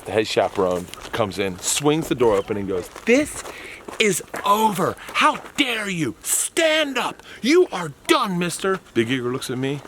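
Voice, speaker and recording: A man's voice: on the low side, background noise. A man telling a long comic story, acting out the voices of the people in it and laughing often. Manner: excitable, acts out voices, laughs a lot. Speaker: comedian guest. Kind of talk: animated storytelling.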